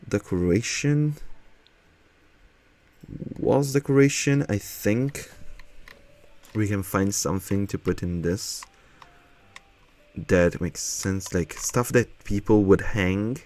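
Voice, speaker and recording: A man's voice: lowish voice, gravelly, a little mellow. A man streaming casually, chatting and thinking aloud as he builds in a game, with a manner.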